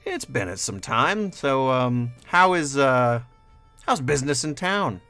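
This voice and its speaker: Man doing a sly gambler, smooth and flattering, unctuous, mid-pitched, faint music under. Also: slow, dry recording, exaggerated voice. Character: smooth-talking sly male gambler trader.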